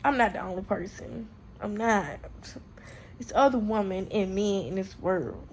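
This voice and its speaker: A young woman talks straight to her camera in a vlog, her voice gravelly at the edges. She tells her story candidly and with plenty of swearing, acting out what people said. A faint hiss of noise sits behind her. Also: medium pitch, a little slow. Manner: candid, profane, animated retelling with quoted dialogue. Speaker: vlogger.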